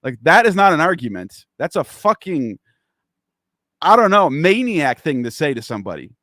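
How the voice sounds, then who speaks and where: A man's voice: a little high, sing-song, normal speed, sharp tone, no echo, studio quality. A man hosting a casual online discussion, talking in a rambling, profane and heated way. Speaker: podcast host.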